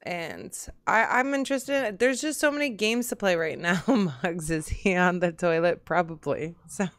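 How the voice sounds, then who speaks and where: A woman's voice: on the low side, measured pace, no echo. A woman hosting a casual gaming chat stream, chatty and rambling, laughing often. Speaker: podcast host.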